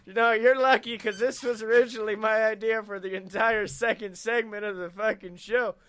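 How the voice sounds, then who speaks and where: A man co-hosting a comedy podcast, spinning a long, profane joke and cracking up at his own punchlines. His voice is high and bright, with a smooth, crisp tone. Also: steady tone, normal speed. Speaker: podcast co-host. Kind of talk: rambling comedic storytelling.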